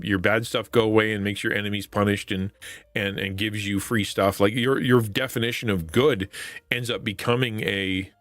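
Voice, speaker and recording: A man's voice: fairly low pitch, a bit bright, no room sound. A man hosting a live stream, talking through a psalm in an earnest, conversational way with frequent restarts and rhetorical questions. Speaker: Christian streamer and devotional host. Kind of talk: casual devotional chat on a stream.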